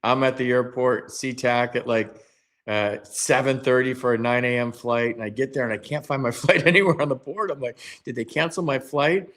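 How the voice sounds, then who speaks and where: Male co-host, mid pitch, animated storyteller in casual chat. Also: fairly quick. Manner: animated storyteller, acts out quotes. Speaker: former baseball player and co-host.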